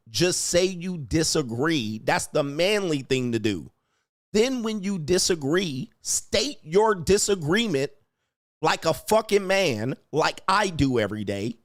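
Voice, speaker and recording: A man's voice: a little high, dry recording, clean studio sound. A man hosting a livestream, ranting at commenters in a brash, profane, taunting way and laughing at them. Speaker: livestream host reading chat.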